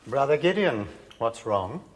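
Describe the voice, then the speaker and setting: An actor playing a patient, gentle monk in a TV sitcom, calm in manner. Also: male voice, mid-range voice, unhurried. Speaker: monk Brother Adam. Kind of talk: TV sitcom acting.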